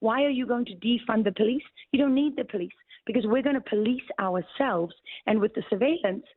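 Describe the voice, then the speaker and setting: A woman's voice: on the high side, brisk, no echo, narrow, tinny audio. A woman appearing as a guest on a talk radio interview, explaining her points urgently and with emphasis. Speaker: guest journalist.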